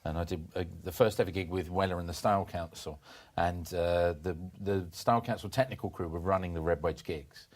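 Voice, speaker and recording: A man in his fifties telling stories on a podcast, animated, with many restarts and bursts of laughter. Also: low voice, a little fast, hardly any pauses. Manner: animated anecdote-telling, jumps into comic voices for quoted people. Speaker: podcast guest, former performance poet. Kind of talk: casual storytelling chat.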